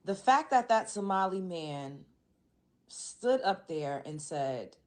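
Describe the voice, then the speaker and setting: A woman's voice: fairly low pitch, sing-song, takes it slowly, a little mellow. A woman giving emphatic, indignant commentary with rising emotion. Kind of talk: impassioned commentary clip.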